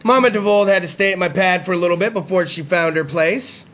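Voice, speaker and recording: A man hosting a comedy talk show, telling profane stories in an animated way and acting out the characters himself. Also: high voice, fairly quick. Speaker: host.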